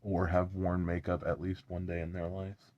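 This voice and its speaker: Low-voiced man joking through a makeup stream. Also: completely flat delivery, moderate pace, lo-fi sound. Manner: joking, self-deprecating, swears casually. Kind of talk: casual live-stream chat while doing makeup. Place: at home.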